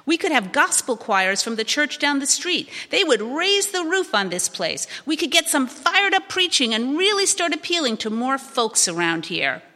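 A woman reading the lines of an earnest man pushing for a church revival, in a lively, enthusiastic way. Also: high-pitched, moderate pace, hardly any pauses, long reverb tail, pitched above the performer's own voice, heavily acted. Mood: eager.

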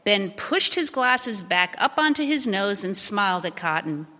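A woman reading a novel aloud in a calm, steady way. Her voice is bright and carries a long hall reverb. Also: mid-range voice, a little slow. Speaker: narrator. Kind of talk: audiobook narration.

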